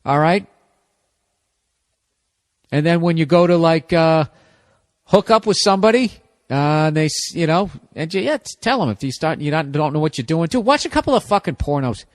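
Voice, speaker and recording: A man's voice: fairly high pitch, lively intonation, normal speed, pauses often. A man in his forties from the United States, hosting a solo comedy podcast and ranting in a rambling, profane way. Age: 40s. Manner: talks back to himself and his dog. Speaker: podcast host.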